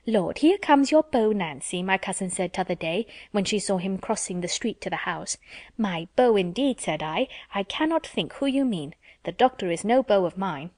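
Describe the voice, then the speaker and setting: A woman's voice: mid-range voice, expressive, moderate pace, darkish tone, no room sound, lightly acted. A woman reading an audiobook, voicing a simpering, affected young woman who gossips.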